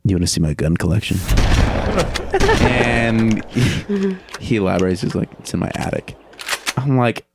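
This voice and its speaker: Low-voiced man telling a wild story. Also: normal speed, gravelly, pauses often, noisy background. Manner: animated, laughs often, acts out dialogue. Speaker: podcast guest. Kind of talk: casual storytelling.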